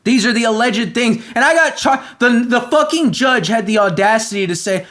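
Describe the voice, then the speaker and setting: A man hosting a comedy podcast, ranting in a profane, agitated way and swinging between shouting and muttering. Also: very high-pitched, normal speed, hardly any pauses. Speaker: podcast host.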